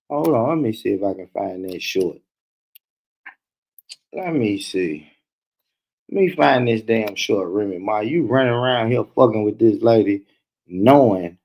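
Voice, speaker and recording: A man's voice: mid-range voice, gravelly, darkish tone. A man hosting a casual commentary stream, talking loosely and profanely and laughing often. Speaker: host.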